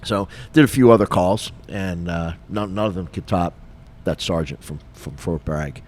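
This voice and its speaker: A middle-aged retired police officer co-hosting a podcast, telling a story in a lively, casual way and acting out the dialogue. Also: male voice, low voice, moderate pace. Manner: animated, acts out dialogue, frequent fillers.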